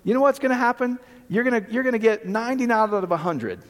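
A man preaching a sermon in an animated, joking way, often asking the room whether they follow him. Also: very high-pitched, fast, long reverb tail. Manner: animated, jokey, rhetorical questions. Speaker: pastor.

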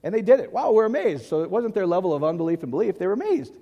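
A man's voice: high voice, sing-song, rapid-fire, dark tone, long reverb tail, muffled recording. A man preaching a sermon in an emphatic way, often checking that the audience agrees. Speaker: pastor.

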